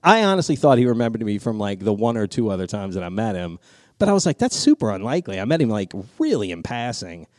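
Man, podcast storyteller, swears a lot, lively pitch, dry close sound. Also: fast talker, no room sound. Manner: animated, swears a lot, voice jumps high when excited. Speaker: podcast co-host. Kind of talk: casual chat, storytelling.

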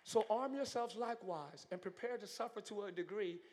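A male pastor preaching a live sermon in a large church, moving from hushed talk to shouting. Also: high-pitched, brisk. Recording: long church hall reverb.

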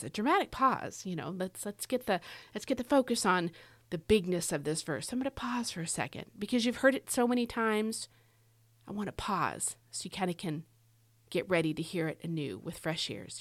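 A middle-aged woman giving casual devotional teaching, earnest and encouraging, pushing her voice up for emphasis and slowing down to read scripture. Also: on the low side, dry recording, studio quality. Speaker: devotional podcast host.

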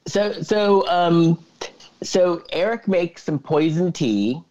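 A man co-hosting a podcast, casually recapping a movie plot in a calm, matter-of-fact way. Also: on the high side, slow pace, highs cut off, noisy background. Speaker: podcast co-host.

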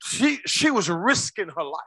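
Man preaching hard, really high bright voice, dry sound, calls out to the crowd then drops way down. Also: big pitch swings, unhurried, slightly rough, no room sound. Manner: impassioned preaching with call-and-response; swings between shouts and low asides. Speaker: pastor. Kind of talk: sermon.

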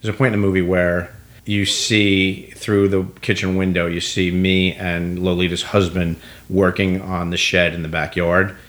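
A man's voice: low voice, moderate pace. A middle-aged man casually telling stories about his acting career, acting out the people he quotes. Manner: animated storyteller acting out quoted dialogue. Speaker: guest actor. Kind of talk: casual storytelling.

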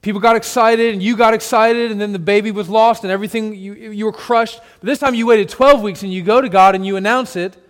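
A male pastor preaching a sermon to his church, shifting dramatically between loud emphasis and hushed, soft passages. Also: high-pitched, steady tone, fairly quick, hardly any pauses, long reverb tail. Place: church sanctuary with congregation.

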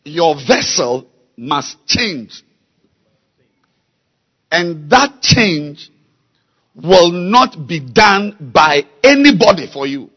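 A man preaching a sermon, slow and emphatic, repeating key words and building to loud exhortation. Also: on the high side, very animated, husky. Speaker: pastor.

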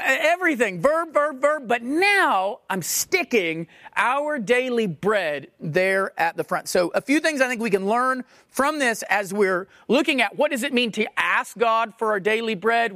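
A man's voice: extremely high pitch, sharp tone, dry recording, studio quality. A man preaching a sermon, emphatic and questioning, repeating phrases for stress. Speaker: pastor.

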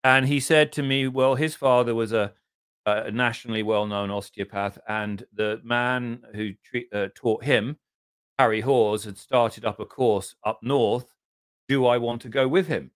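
A middle-aged man from southern England with an English accent, a podcast guest telling long, self-deprecating anecdotes in casual conversation and often clearing his throat. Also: medium pitch, fairly even intonation, a little slow, no room sound, clean studio sound. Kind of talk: casual interview storytelling.

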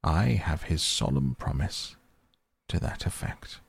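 A man with a deep, gravelly voice voicing a stern, solemn old male badger in a storybook reading, grave, firm and measured. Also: expressive, no echo, exaggerated voice.

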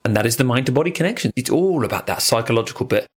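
A man co-hosting a casual surf podcast, telling stories in a lively, jokey way and swearing freely. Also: medium pitch, rapid-fire, slightly rough. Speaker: podcast co-host. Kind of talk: casual chat.

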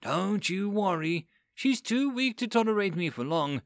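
A man's voice: fairly high pitch, lively intonation, a little slow, dry recording, clean studio sound. A man voicing a cold, mocking female demon who has possessed a girl, speaking in a cooing, silky manner for a storybook reading.

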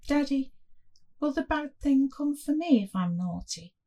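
A woman's voice: high-pitched, expressive, a little slow, mellow, pitched above the performer's own voice. Woman doing a scared little five-year-old boy. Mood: frightened. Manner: small, pleading voice.

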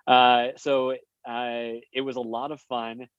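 A young man, a guest, telling stories casually, quick and chatty with many fillers. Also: medium pitch, little pitch movement, smooth, dry recording. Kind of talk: casual storytelling. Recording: dull lo-fi sound.

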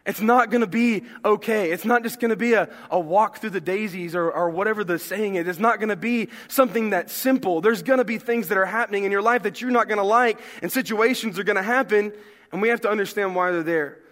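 A young male pastor preaching a sermon in a church, talking in a relaxed, joking way and asking the congregation questions. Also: sits high, a little fast. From American South. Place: church sanctuary. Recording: long hall reverb.

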